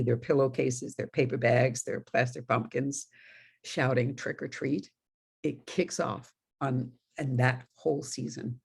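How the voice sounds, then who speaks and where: A middle-aged woman minister from New York, USA, delivers a conversational sermon full of stories and laughing asides. Her voice is bass-deep, creaky, husky and darkish in tone.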